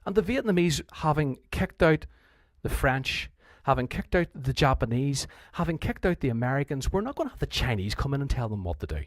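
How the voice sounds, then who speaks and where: A Northern Irish man teaches history in a relaxed, conversational revision lecture. He restarts sentences and slips into quoted voices as he explains. His voice sits mid-range, recorded close in a dry space. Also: medium pitch, a little fast, few pauses, no room sound.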